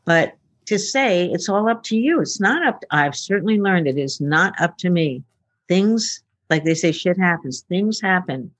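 A woman's voice: lowish voice, lively intonation, moderate pace, no echo. Chatty woman telling stories, dry sound. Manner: chatty, acts out quoted dialogue, many fillers. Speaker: guest, futurist. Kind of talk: casual storytelling interview.

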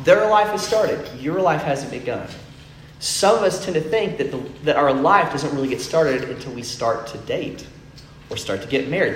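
A man's voice: medium pitch, a little hiss or hum. A young man preaching a sermon in a casual storytelling way, full of fillers, in a church hall. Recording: echoey room, faint ambience.

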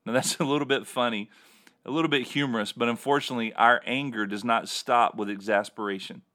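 A man hosting a Bible teaching show reads scripture and explains it in sermon style, earnest and emphatic, often repeating words. His mid-range voice is steady, brisk, bright, and forceful.

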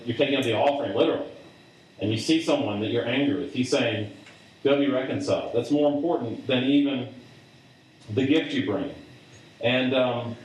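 Guy preaching to students, lots of ums and restarts, sounds far off in a really echoey hall. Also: medium pitch. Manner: conversational, halting, many fillers and restarts. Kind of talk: sermon to a student group. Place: large room with audience.

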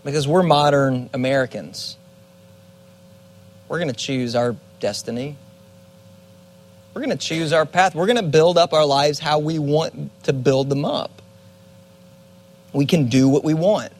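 A young man giving a Bible teaching sermon as a youth pastor, earnest and conversational with dramatic pauses. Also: a little high, a little mellow.

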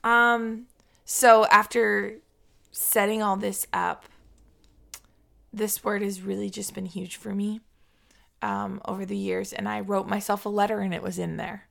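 Young woman, co-host type, slow earnest pacing, gravelly texture. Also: mid-range voice, flat delivery, a bit bright. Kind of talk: reflective faith chat.

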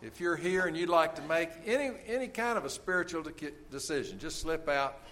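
A middle-aged man preaching a sermon as pastor, earnest and pleading, pausing with "uh" and softening at the ends of phrases. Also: a little high, lively intonation. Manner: earnest, pleading, with frequent "uh" pauses.

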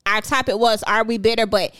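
A woman's voice: fairly high pitch, fairly even intonation, fairly quick, fairly bright tone, no room sound. A woman co-hosting a casual talk show, speaking frankly and telling stories. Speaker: co-host. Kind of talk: casual podcast chat.

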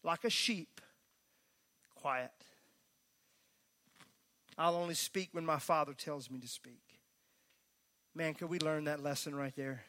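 Speaking at a moderate pace, the pastor's high voice rings out brightly during the church service. His preaching is forceful but conversational, sprinkled with homespun asides.

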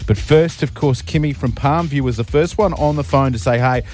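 A man's voice: fairly high pitch, a little fast, darkish tone, faint music behind. An Australian man hosting a radio show, telling stories in a chatty, matey way. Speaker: radio host. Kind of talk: breakfast radio banter. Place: radio studio. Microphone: studio mic.

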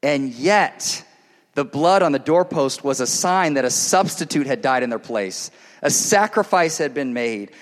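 A man preaching a sermon to his church, earnest and direct, moving between loud emphatic passages and hushed intimate ones. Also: mid-range voice, animated, measured pace. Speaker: pastor. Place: church service. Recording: long reverb of a large hall.

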